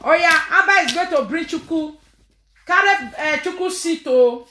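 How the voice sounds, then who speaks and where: A woman's voice: very high voice, normal speed, pushed and bright, echoey room, slight background noise. A woman filming a casual home vlog, coaxing a crying child and laughing often. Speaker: vlogger filming her family.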